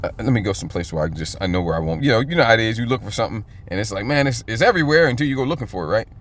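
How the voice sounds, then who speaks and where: A man teaching from the Bible in an informal, emphatic way, often checking in with "okay?" and reading verses slowly and drawn out. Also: lowish voice, animated, fairly bright tone. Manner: reads scripture aloud slowly and stretched out.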